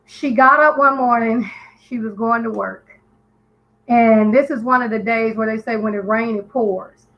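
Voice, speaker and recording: A woman's voice: fairly high pitch, fairly even intonation, measured pace, muffled recording. A woman calling in to a live stream, telling a story in an earnest, emphatic way with frequent restarts. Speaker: guest caller on a live stream. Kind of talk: casual call-in chat.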